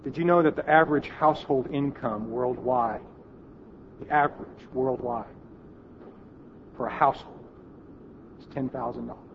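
A man preaching a sermon in an auditorium, telling a story and dropping to a hush at its emotional moments. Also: medium pitch, normal speed, creaky, long pauses, lo-fi sound, a little hiss or hum.

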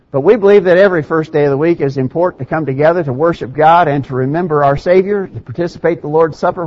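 A man preaches to his congregation in a plain, conversational way, slipping into dry irony before reading scripture aloud. His voice sits a little high for a man. The church recording sounds dull and lo-fi. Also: darkish tone. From Middle Tennessee. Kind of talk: sermon. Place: church sanctuary.

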